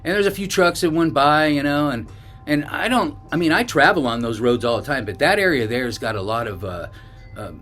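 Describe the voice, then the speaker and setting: A man's voice: a little high, lively intonation, fairly quick, a bit bright, soft background music. A man from northern California, a bikepacking vlogger, telling a story to camera in a loose, rambling way with restarts and asides.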